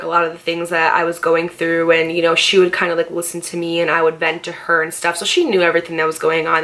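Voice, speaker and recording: A woman's voice: on the low side, bright, forceful tone. A young woman vlogger telling a personal story in a casual, chatty way, swearing freely and acting out the voices of the people she quotes.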